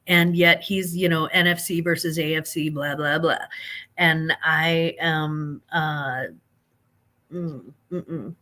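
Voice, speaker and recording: Fifties woman hosting a laid-back live chat, folksy and talkative, pitched a bit low. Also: level tone, takes it slowly, pushed and bright. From American Midwest. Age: 50s. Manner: chatty, greets viewers by name, folksy. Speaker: livestream host. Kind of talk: casual live chat with viewers.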